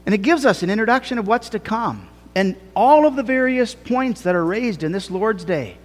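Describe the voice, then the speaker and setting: High-voiced man preaching in a reverberant hall. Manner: earnest preaching with slow, emphatic phrasing and rising cries. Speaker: pastor. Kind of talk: sermon. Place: church sanctuary. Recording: long reverb of a church hall.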